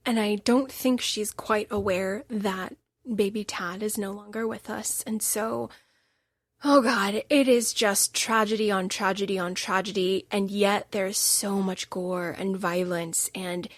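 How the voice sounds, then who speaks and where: A woman's voice: medium pitch, fairly even intonation, unhurried, dry recording, studio quality. A woman hosting a solo book podcast, telling the story with emotional, emphatic bursts. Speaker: podcast host.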